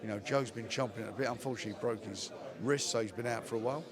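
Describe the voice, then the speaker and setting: A man's voice: mid-range voice, rapid-fire. An older man, a boxing promoter giving a plainspoken post-fight interview and repeating phrases for emphasis. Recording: crowd chatter behind the voice.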